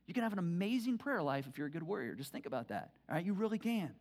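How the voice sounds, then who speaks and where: A middle-aged woman pastor giving a conversational sermon, telling stories animatedly and acting out her own thoughts, often repeating words and restarting. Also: quick pace. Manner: animated storytelling, acts out own thoughts with big pitch swings; frequent word repeats and restarts.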